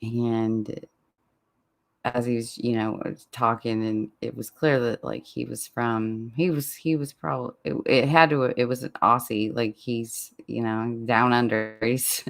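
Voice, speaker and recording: A man's voice: mid-range voice, gravelly, fairly bright tone. A man hosting a true crime podcast, chatting loosely in a listener Q&A, often breaking off mid-sentence and laughing at himself. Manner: rambling, self-interrupting, laughs at himself. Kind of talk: casual Q&A chat with listeners.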